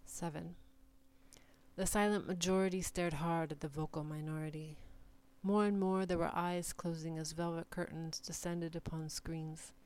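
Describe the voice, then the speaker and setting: A woman giving a measured, deliberate reading of short numbered literary passages. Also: low-pitched, steady tone, a little mellow, clear, resonant tone. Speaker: reader.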